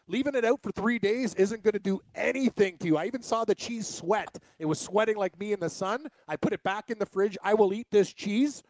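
A man co-hosting a sports radio show, trading jokes and getting loud when he argues. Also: sits high, no echo. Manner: boisterous, jokey, gets loud when arguing. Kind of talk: casual sports radio banter.

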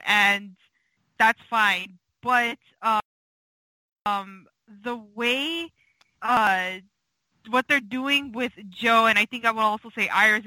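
A woman's voice: medium pitch, pushed and bright, no room sound, rough recording. A woman co-hosting a fan podcast, talking casually and emotionally with many fillers. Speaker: podcast co-host.

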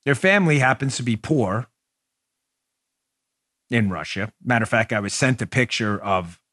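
A man's voice: mid-range voice, lively intonation, normal speed, pushed and bright, no room sound, studio quality. A man hosting a political commentary show, sarcastic and mocking, emphatic and heated, with jokey banter toward his co-host.

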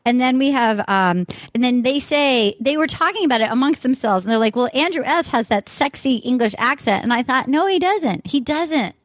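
Giggly woman host, kinda high voice, dry close mic sound. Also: brisk, hardly any pauses, dry recording. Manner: giggly, lively banter, laughs often. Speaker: podcast host. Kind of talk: casual chat.

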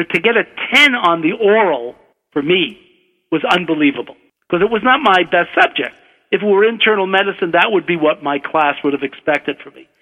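An older man from Brooklyn, a physician and author, telling a relaxed, wry anecdote. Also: high voice. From Brooklyn, USA. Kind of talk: anecdotal storytelling. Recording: dull radio broadcast, long reverb.

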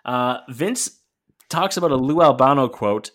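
A man's voice: mid-range voice, expressive, unhurried, fairly bright tone. A man co-hosting a podcast, recapping an old clip in casual chat and swearing now and then. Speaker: podcast co-host.

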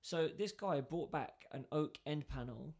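British man telling a lively anecdote. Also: on the high side, measured pace, vocal fry. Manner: animated storyteller who acts out both sides of conversations. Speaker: podcast co-host. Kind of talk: casual chat, telling an anecdote.

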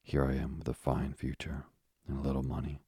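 A man's voice: very deep voice, completely flat delivery, a little fast, vocal fry, warm tone, slightly rough, no echo, studio quality, full character voice. A man voicing an earnest young sailor.

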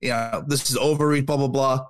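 A man in his early thirties co-hosting a talk radio show, telling a story in a quick, animated way that builds up steam. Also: medium pitch, dry recording. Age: 30s. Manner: animated, quick storyteller who gets worked up.

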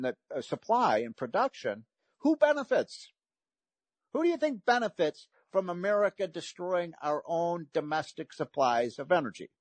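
A man's voice: on the high side, husky, no room sound. A man hosting a talk radio show, delivering an emphatic, frustrated political monologue with frequent restarts.

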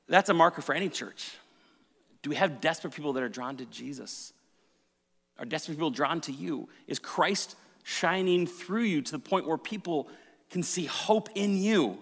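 A man preaching a sermon with dramatic shifts from loud emphasis to hushed retelling. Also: on the high side, expressive, normal speed. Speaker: pastor. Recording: reverberant hall.

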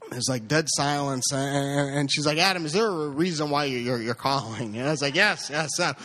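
A man with a slightly higher than usual voice tells a story live on stage. He stammers and repeats himself, and he jumps into animated impressions of other people as he goes. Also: a little fast.

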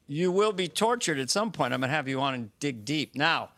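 Animated, gravelly comedian man. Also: fairly high pitch, brisk. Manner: playful, animated storyteller. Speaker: comedian guest. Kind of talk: casual talk show chat. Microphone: video call.

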